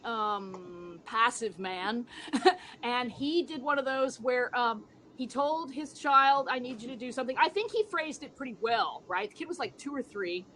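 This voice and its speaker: A chatty woman host with a high, bright voice tells a story casually. She laughs often and fills her speech with "um" and "right?". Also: slight background noise. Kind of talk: casual chat, telling an anecdote.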